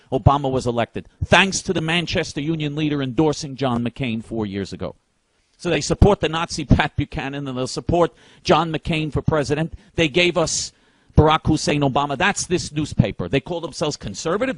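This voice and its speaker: In a dry recording, a man with a fairly high voice delivers an indignant, emphatic political rant. The commentator trips over repeated words but keeps pushing forward.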